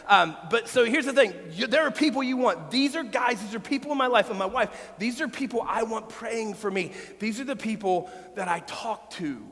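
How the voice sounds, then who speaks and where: A man's voice: high voice, moderate pace, creaky, hardly any pauses, fairly bright tone, big-room sound. A man preaching a sermon as pastor, candid and emotional, sharing personal stories with his congregation.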